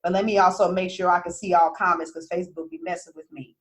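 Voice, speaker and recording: A woman's voice: lowish voice, steady tone, quick pace. A woman business coach talking casually to her followers, blunt and emphatic, swearing freely.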